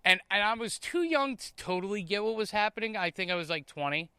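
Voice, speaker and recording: A man hosting a podcast, telling a story in a casual, animated way, tripping over and repeating his words. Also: high-pitched, brisk, smooth, no room sound. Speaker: podcast host.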